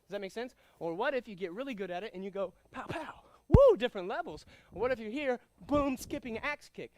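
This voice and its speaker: High-voiced energetic karate instructor man. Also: fairly quick, noisy background. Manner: energetic, commanding, calls out drills and counts. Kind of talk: martial arts class instruction.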